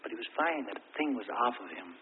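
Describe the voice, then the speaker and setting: A middle-aged male preacher telling a personal testimony in a sermon, dropping to quiet storytelling and then rising into loud, pleading questions. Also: medium pitch, lively intonation, quick pace. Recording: tinny phone-like old recording with faint hiss.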